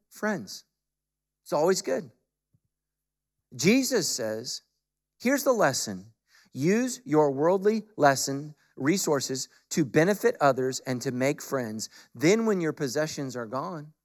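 Man preaching with rising intensity. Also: on the high side. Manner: conversational storytelling that builds to forceful emphatic preaching. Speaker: pastor. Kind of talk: sermon.

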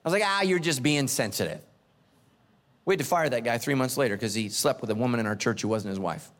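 A man, the senior pastor, preaching a humorous sermon as an animated, self-mocking storyteller. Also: mid-range voice, racing, long reverb tail.

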